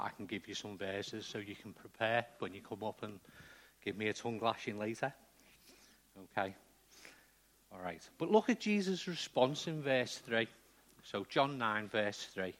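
A man's voice: on the low side, fairly bright tone. A man preaching a sermon in a conversational way, often checking in with the congregation.

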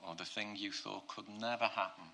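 A man preaching a sermon, telling a Bible story in a conversational way and swinging from quiet, low passages to loud, excited ones. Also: normal speed, creaky, slight background noise.

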